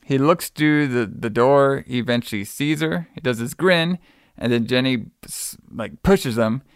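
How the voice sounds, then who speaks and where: Gravelly man recapping a movie, casual and profane. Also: mid-range voice, dry recording, clean studio sound. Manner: rambling, profane, acts out characters in quick quotes. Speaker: podcast co-host.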